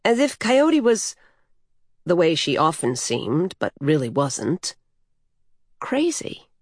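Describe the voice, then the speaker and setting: A woman narrating a novel as an audiobook in a measured, even storytelling manner. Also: low-pitched, no room sound, studio quality. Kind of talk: scripted narration.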